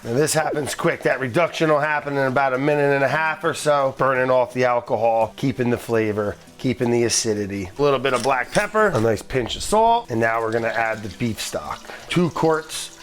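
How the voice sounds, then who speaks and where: A middle-aged man hosting a casual cooking demonstration in a kitchen, enthusiastic and jokey, with the odd swear and asides to the crew. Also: medium pitch. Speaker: cooking show host.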